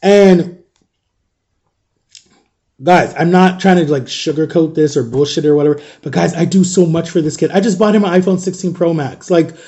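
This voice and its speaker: A man's voice: a little high, normal speed, dark tone. A man in his thirties telling a personal story in a casual storytime vlog, animatedly retelling a conversation and quoting both sides of it.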